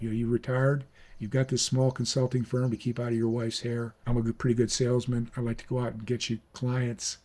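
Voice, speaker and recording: A man in mid-range pitch tells a personal story in an animated, emphatic way. His voice climbs and swells when he presses a point, then settles back into a relaxed, conversational telling. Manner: animated storyteller, rises high when preaching. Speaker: speaker on mentorship. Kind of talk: storytelling talk.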